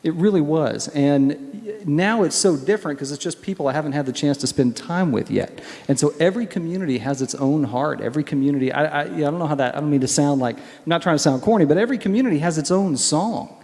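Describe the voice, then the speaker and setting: A man from Texas speaks in a slightly high voice, telling stories with earnest, animated feeling. His words ring with a long reverb, as in a large hall. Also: quick pace, few pauses. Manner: earnest, animated storyteller who gets choked up. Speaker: guest singer answering questions. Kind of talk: candid Q&A conversation.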